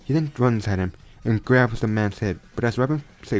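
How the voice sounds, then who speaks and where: A man's voice: medium pitch, fairly quick, hardly any pauses, darkish tone, soft background music. A young man casually retelling a fan story, rambling with frequent restarts and self-corrections.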